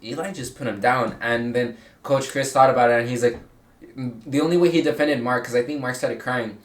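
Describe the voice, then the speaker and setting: Teen boy co-host, casual, rambling storyteller, mid-pitched, heard a bit off-mic in an echoey room with faint hiss. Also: fairly even intonation, far from the mic. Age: teens. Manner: rambling, halting storytelling with many restarts. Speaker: podcast co-host. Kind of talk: casual chat among friends.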